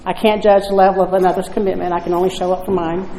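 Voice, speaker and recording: A woman voicing her sponsor, a calm and patient woman who speaks quietly and evenly. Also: lowish voice, racing, roomy sound, noisy background, pitched below the performer's own voice, lightly acted.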